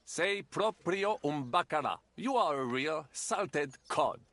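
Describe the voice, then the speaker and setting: In a game, a male actor voices a fussy, theatrical language tutor who is precise, exacting, and easily exasperated yet patient, using a full character voice. The voice is a little high and a bit bright, with lively intonation and a slow pace, recorded dry.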